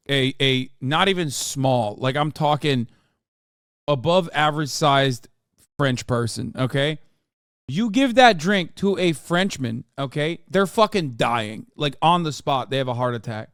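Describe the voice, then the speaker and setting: Guy streamer in his 30s ranting at clips, smooth clear voice, bit higher than most, dead dry sound. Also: fairly bright tone, dry recording. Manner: ranting, mocking, exasperated. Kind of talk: casual profane reaction commentary.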